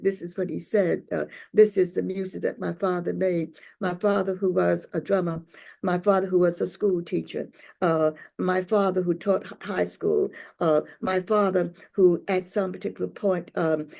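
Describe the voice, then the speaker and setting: A woman's voice: on the low side, creaky, dark tone. An older woman poet, reading a poem and then telling stories in a rhythmic, playful way, acting out voices. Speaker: poet and speaker. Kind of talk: poetry reading and storytelling talk.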